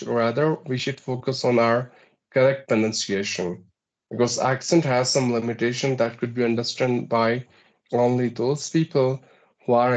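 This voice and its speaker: A man with an Indian English accent gives measured, step-by-step advice in an English practice conversation. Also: medium pitch. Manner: measured, advisory, counts points off one by one.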